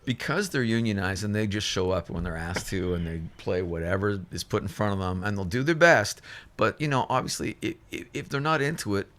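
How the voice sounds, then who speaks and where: A man with a low voice tells stories from the studio in a loose, rambling way. He circles back, restarts and fills pauses. Now and then he slips into the voices of other people. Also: expressive, fairly bright tone, slight background noise. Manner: rambling, with many restarts and fillers; acts out other people's lines in shifted voices. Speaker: musician guest. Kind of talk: casual storytelling.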